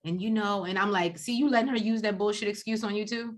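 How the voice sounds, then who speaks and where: A woman co-hosting a reality TV recap, talking in a blunt, profane, animated way and acting out quotes. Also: medium pitch, quick pace, few pauses. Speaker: co-host of a TV recap show. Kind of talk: casual reality TV recap chat.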